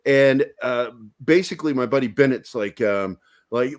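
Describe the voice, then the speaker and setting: A man co-hosting a podcast, telling a crude high-school story in a profane, animated way. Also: moderate pace. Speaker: podcast co-host. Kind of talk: casual storytelling chat.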